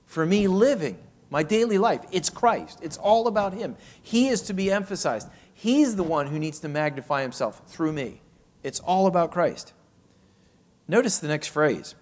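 Emphatic male preacher with a higher voice. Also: expressive. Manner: emphatic preaching, slows to stress phrases, rhetorical questions. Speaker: pastor. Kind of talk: sermon.

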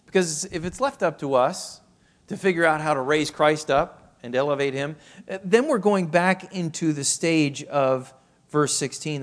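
A male pastor preaching with emphasis and a slightly raised pitch. He slows down to press home key phrases and asks his listeners rhetorical questions. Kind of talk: sermon.

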